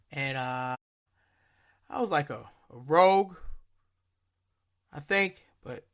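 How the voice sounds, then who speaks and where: A man with a high, bright, forceful voice tells stories as a podcast co-host. His talk is casual and slangy, and he gets animated as he goes. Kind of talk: casual storytelling chat.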